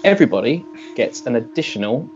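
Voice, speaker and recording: A man narrating as game master of a tabletop game, loose and relaxed with many fillers. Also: mid-range voice, fast talker. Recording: dull lo-fi with music behind.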